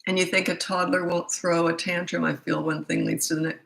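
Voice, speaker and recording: Blunt, bright-voiced middle-aged woman. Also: on the low side, flat delivery, a little fast, gravelly, roomy sound, poor audio. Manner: blunt, incredulous, mocking, laughs often. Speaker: parenting coach answering viewer questions. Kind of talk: live Q&A, casual and blunt.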